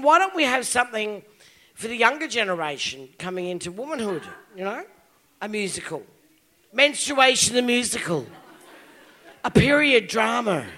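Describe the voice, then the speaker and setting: Aussie woman in her 50s doing crude stand-up on stage, swears a lot, super bright voice. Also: a little high. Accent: Australian. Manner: bawdy, crude, heavy swearing. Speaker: stand-up comedian. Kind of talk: live stand-up comedy. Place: live comedy venue stage.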